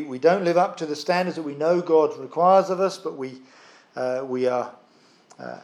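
A man preaching a sermon in an earnest, explanatory way, often pausing with fillers and restarts. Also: on the high side, a little mellow.

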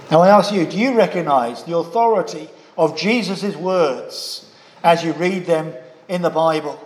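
Male preacher, slightly high voice, measured sermon delivery, long hall reverb. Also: a little mellow. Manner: measured, with rhetorical questions to listeners.

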